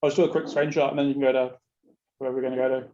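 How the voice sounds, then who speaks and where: Australian man, quick talker, mellow voice, roomy muffled audio. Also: medium pitch, level tone, a little hiss or hum. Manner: quick, practical requests. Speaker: club member. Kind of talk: casual chat. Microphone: video call.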